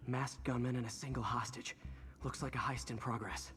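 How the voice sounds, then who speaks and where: An actor voicing a young, earnest superhero in a video game, light and wry. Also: male voice, mid-range voice, steady tone, normal speed, a bit bright, a little hiss or hum, close to an everyday voice. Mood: focused. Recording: game audio under music.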